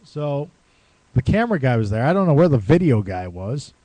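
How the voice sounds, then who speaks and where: A man's voice: mid-range voice, big pitch swings, moderate pace, dark tone, dry recording. A man co-hosting a podcast, telling a long casual story with swearing and quoted lines. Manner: rambling, swears and laughs, acts out quotes. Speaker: podcast co-host.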